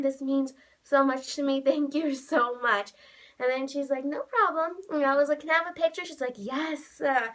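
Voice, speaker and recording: Bright, high-pitched excitable young woman. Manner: gushing, heavy use of "like", bursts of squealing quotes. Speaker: vlogger. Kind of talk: excited storytelling vlog.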